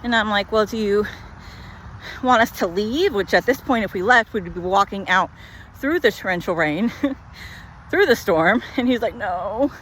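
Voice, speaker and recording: A woman vlogging while walking, telling a story in a chatty, animated way full of "like". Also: medium pitch, unhurried, slight background noise. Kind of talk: walk-and-talk storytelling.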